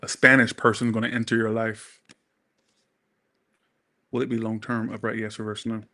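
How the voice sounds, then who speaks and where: A man's voice: lowish voice, little pitch movement, normal speed, bright, forceful tone. A man doing a casual tarot reading who rambles off-topic, swears freely and keeps apologizing to his viewers. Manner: rambling, profane, talks to viewers. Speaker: tarot reader.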